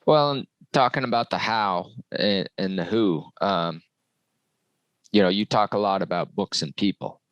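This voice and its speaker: A man with a fairly low voice hosts a podcast, speaking in a relaxed conversational way. His voice sounds dry and close, with no room echo. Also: a little slow, muffled recording. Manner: relaxed conversational, short affirmations. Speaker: podcast host. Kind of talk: casual interview chat.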